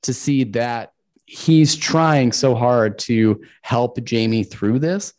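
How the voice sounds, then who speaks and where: A man's voice: mid-range voice, slow pace, darkish tone. Man recapping an episode on a podcast. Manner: steering the conversation, recapping scenes. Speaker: podcast co-host. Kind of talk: casual podcast chat.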